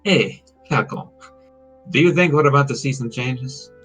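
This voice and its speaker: A man's voice: mid-range voice, a little slow, music in the background, close to an everyday voice. A man voicing a young male sparrow assistant, reading the game's lines in a musing, wondering way.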